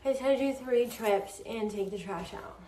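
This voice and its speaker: A woman's voice: a little high, moderate pace. A young woman chatting casually to her viewers in a vlog, swearing freely and calling them y'all. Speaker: vlogger. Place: in a car, then at home. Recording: car and road noise behind.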